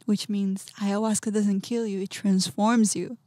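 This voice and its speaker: A woman guesting on a podcast tells a personal story with lots of energy, acting out quotes and laughing often. She has a mid-range voice and a measured pace, and the studio sound is clean with no echo.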